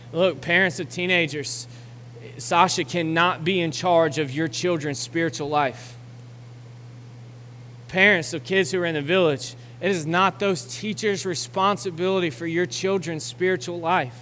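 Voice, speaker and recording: A young adult man preaching a sermon as pastor, building to loud, urgent exhortation and then closing in a quiet, reflective way. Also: a little high. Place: church auditorium. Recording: long hall reverb with faint noise.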